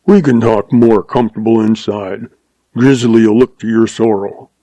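A man voicing an irritable, grumbling old male rancher with a gruff, growling drawl. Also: on the low side, measured pace, dark tone, dry recording, low-quality recording.

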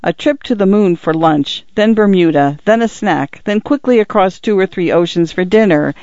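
Brief: a soft, teasing father in a storybook reading, as the narrator puts him on, slightly high, dry muffled sound. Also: normal speed, no room sound. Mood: teasing, tender. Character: gentle, playful divorced father. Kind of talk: audiobook character voice.

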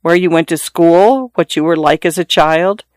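A man's voice: on the high side, normal speed, dry recording, clean studio sound, lightly acted. A man voicing an older husband who teases and presses with questions. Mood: probing. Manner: coaxing, questioning. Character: older husband, teasing, probing.

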